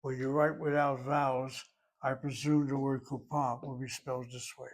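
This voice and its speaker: A man's voice: mid-range voice, little pitch movement. Man explaining Hebrew grammar step by step. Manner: thinks aloud, deliberate, explains step by step. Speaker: Hebrew teacher. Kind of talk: classroom grammar lecture.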